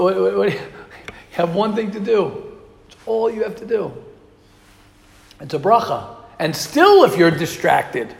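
A man giving a Torah class to young students, emphatic and repeating key phrases, mixing in Hebrew and Yiddish terms. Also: a little high. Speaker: Torah teacher. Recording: echoey hall.

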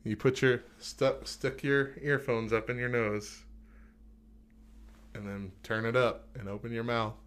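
A man's voice: medium pitch, level tone, unhurried, fairly bright tone, smooth. A man co-hosting a morning radio show, joking and laughing often in casual banter.

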